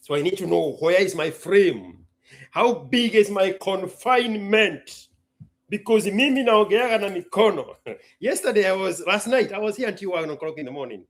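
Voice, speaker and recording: A man's voice: high voice, animated, moderate pace. A young man hosting a casual live stream, playful and theatrical, chatting and joking with himself.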